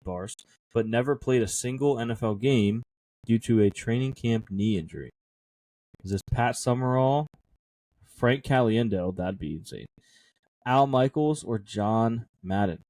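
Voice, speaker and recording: A man co-hosting a podcast, reading trivia questions aloud in a casual chat, laughing often and thinking out loud over the answers. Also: mid-range voice, moderate pace, no echo.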